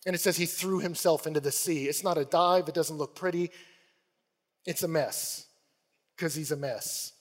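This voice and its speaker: A man's voice: a little high, moderate pace, big-room sound. A male pastor preaching a sermon, retelling scenes and acting out the voices in them. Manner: animated storytelling, acts out voices in quotes.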